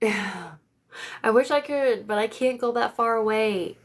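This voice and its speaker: A woman's voice: fairly high pitch, slow. Chatty swearing young woman livestreaming. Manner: chatty, rambling, swears freely. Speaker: livestream host. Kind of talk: casual live chat. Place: home, in bed. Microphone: phone.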